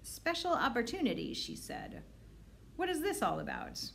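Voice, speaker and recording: A woman's voice: high voice, sing-song, normal speed, gravelly, a bit bright, slight background noise, voice pushed up, full character voice. A woman voicing a fussy, pompous, thin male orphanage director, reading him aloud from a storybook.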